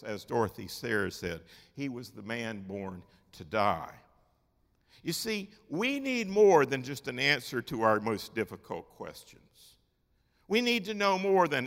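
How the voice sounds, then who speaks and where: Animated male preacher in a reverberant hall. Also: medium pitch, creaky. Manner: emphatic, swings from loud declarations to quiet asides. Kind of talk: sermon.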